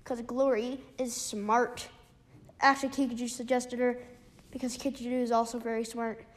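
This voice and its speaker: A woman casually retelling a book's plot, halting often with restarts and fillers. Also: on the high side, little pitch movement. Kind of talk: casual spoken book recap.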